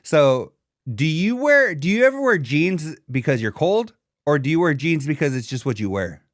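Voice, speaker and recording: Animated joking podcast co-host, man. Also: a little high, normal speed, no room sound, clean studio sound. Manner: animated, swearing, mocking impressions of others. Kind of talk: casual comedic chat.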